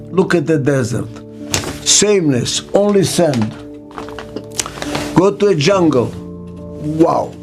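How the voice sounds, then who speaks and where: An older man giving an interview as a business consultant, speaking slowly and emphatically and repeating key words for stress. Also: a little high, gravelly. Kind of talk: reflective interview monologue. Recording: faint music underneath.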